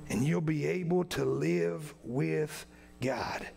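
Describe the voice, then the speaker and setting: A man with a high, gravelly voice preaches an earnest sermon in a church. He leans on repetition and keeps checking in with his listeners with "right?" at the end of his phrases. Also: slow, dark tone. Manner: earnest, repetitive, frequent "right?" tag questions. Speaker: pastor. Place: church sanctuary.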